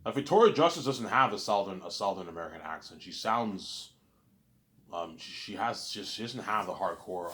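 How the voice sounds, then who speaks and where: A man's voice: deep voice, animated, moderate pace, a bit bright. A man talking to the camera in a casual monologue vlog, rambling, repeating himself and getting sidetracked. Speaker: YouTuber.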